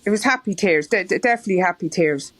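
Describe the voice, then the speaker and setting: A woman's voice: medium pitch, animated, fast, a crowd in the background. A middle-aged Irish woman telling stories as an interview guest, rambling and laughing often. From Ireland. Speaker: marathon runner guest. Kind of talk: casual interview chat.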